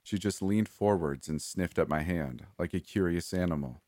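A man with a very deep, low voice reads a horror story at a steady, measured pace. The sound is dry and close, with no room echo. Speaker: narrator. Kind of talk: scripted horror narration.

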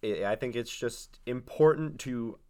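A man's voice: mid-range voice, a little slow, a little mellow, clear, resonant tone. A man co-hosting a casual podcast chat, speaking hesitantly with many fillers. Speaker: podcast co-host.

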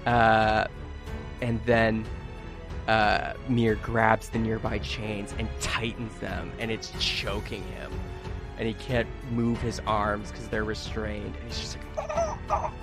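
A man narrating as game master in a tabletop game, animated and often laughing. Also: lowish voice, slow pace, vocal fry, music in the background.

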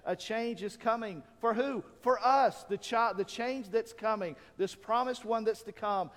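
A man's voice: high voice, in a large hall. A man preaching a sermon, reading scripture and asking the congregation rhetorical questions. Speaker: pastor.

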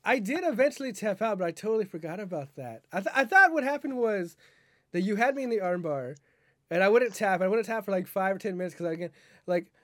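A man's voice: sits high, lively intonation, fast, no echo, studio quality. A man co-hosting a casual podcast chat, rambling and correcting himself as he talks. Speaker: podcast co-host.

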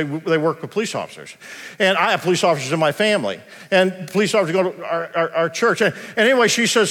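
A man preaches to his congregation, trading casual, joking storytelling for slow, emphatic preaching. His voice rings out with a long reverb through a large church sanctuary. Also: sits high, fairly bright tone. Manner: storytelling, conversational and humorous, slows down to preach. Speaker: pastor. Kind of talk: sermon.

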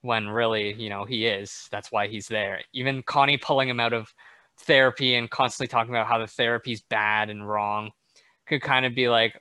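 Bright-voiced young man in dry sound. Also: mid-range voice, flat delivery, moderate pace, clear, resonant tone, no room sound. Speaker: film discussion co-host. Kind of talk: casual chat.

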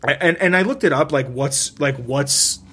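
A man's voice: on the high side, normal speed, noisy background. Rambling young man chatting casually. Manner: rambling, frequent "like" and restarts. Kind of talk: casual chat.

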